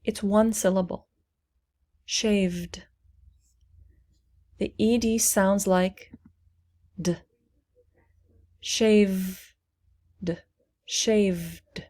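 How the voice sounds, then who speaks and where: A woman teaching English pronunciation, saying single words slowly and clearly for learners to repeat. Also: medium pitch, steady tone, darkish tone. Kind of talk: slow, deliberate pronunciation lesson.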